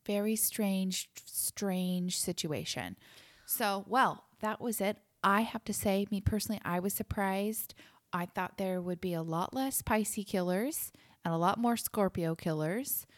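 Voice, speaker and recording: A woman's voice: medium pitch, unhurried, no echo, studio quality. A woman co-hosting a podcast in casual true-crime chat, asking questions and giving firm opinions. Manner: inquisitive, opinionated, reacts with exclamations. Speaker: podcast co-host.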